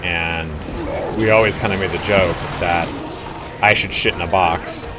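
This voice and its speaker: The recording is very noisy as a young man streams a game and casually tells a crude story. His low-pitched voice is unhurried, yet he's animated, acting out each voice in the tale.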